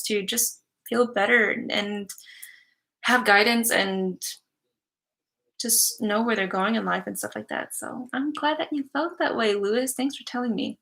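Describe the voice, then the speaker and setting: A young woman hosts a live psychic reading in a loose, chatty way, full of fillers and little laughs. Her voice is bright and sits a bit high. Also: vocal fry. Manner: chatty, giggly, many fillers. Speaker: psychic reader hosting a live stream. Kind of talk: casual live-stream reading.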